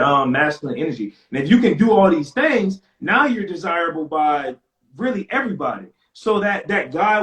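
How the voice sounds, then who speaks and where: A man's voice: on the high side, fairly bright tone. A man talking earnestly on a casual live stream, often checking in with "right?". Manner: earnest, keeps asking "right?". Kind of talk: casual conversation. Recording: roomy echo.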